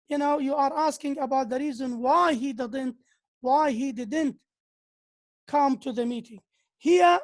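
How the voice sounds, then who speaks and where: A woman's voice: high-pitched, darkish tone. A woman lecturing on grammar who often repeats key phrases and reads out examples. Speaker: university lecturer. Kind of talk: slow lecture on English grammar.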